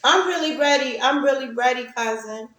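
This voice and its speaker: A woman's voice: sits high, normal speed, a bit bright, roomy sound. A woman hosting a livestream, talking casually and reflectively to her viewers and laughing often. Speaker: livestream host.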